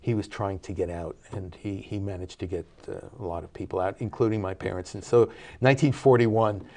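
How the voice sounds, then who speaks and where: An older man telling a family story in a relaxed interview, with many fillers and restarts. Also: on the low side, fairly quick. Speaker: interview guest, cinematography professor.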